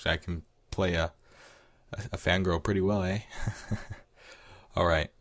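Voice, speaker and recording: A man's voice: deep voice, fairly even intonation, slow pace, fairly bright tone, no echo. A man casually reading fan fiction aloud, with chuckling asides.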